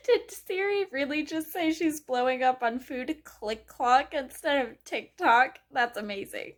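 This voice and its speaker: A woman's voice: high voice, unhurried, few pauses. A young woman vlogging casually about a book she is reading, gushing and emotional, laughing often.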